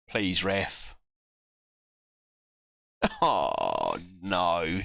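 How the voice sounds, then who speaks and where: A man with a low-set but bright, forceful voice talks through his football management game live on stream. His pitch jumps around a lot as he groans and mocks himself over each result. The sound is close and dry, with no room in it. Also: animated, unhurried, no room sound. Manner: self-mocking, groaning reactions to match events.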